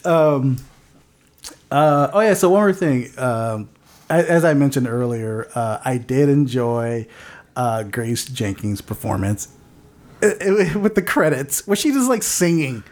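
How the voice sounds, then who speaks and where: Low voiced woman podcast cohost, rambly, fillers everywhere, pitch jumps a lot. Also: lively intonation, measured pace, darkish tone. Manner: rambling, many fillers and laughs. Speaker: podcast co-host. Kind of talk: casual chat.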